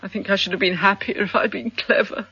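An actress playing a wealthy middle-aged widow in a radio drama, effusive, melodramatic and sentimental. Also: female voice, medium pitch, steady tone, fairly quick, pushed and bright, slightly rough, no room sound, exaggerated voice. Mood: gushing. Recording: dull lo-fi radio broadcast.

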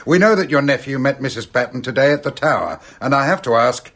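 An actor playing a brisk, matter-of-fact police inspector in a radio drama. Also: male voice, medium pitch, expressive, fairly bright tone. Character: brisk male Scotland Yard inspector. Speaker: police detective.

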